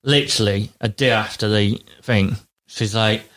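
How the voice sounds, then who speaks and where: A man, co-hosting a casual podcast chat and rambling through an animated retelling. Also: lowish voice, normal speed. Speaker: podcast co-host.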